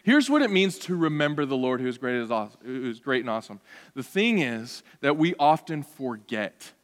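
A man's voice: medium pitch, big pitch swings, normal speed, in a large hall. A male pastor preaching a sermon, earnest and exhorting, often posing rhetorical questions.

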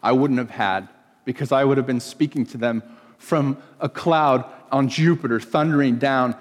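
A man's voice: mid-range voice, normal speed, big-room sound. A man from California preaching a sermon, telling stories and acting out the voices of people he quotes. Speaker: pastor.

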